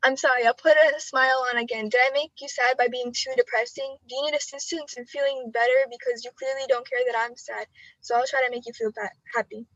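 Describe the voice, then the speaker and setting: A teenage girl with a high voice reads her spoken word poetry over a video call, earnest and emotional. The sound is dry and a little muffled, without much room tone. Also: fairly even intonation, quick pace, a bit bright, no echo. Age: teens. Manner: earnest, emotional delivery with nervous laughs between poems. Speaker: student poet.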